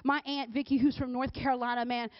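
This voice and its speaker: A woman's voice: high-pitched, level tone, fast, no echo. Chatty woman preaching, dull dry recording. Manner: conversational, keeps asking the crowd "right?". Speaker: speaker at a church or youth service. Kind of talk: sermon with casual storytelling.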